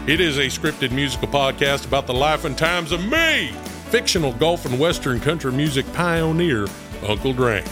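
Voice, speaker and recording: Man voicing a folksy country singer, drawling, lively pitch, music underneath. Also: normal speed, close to an everyday voice. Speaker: podcast ad spokesman. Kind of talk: scripted ad read in character. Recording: music bed behind voice.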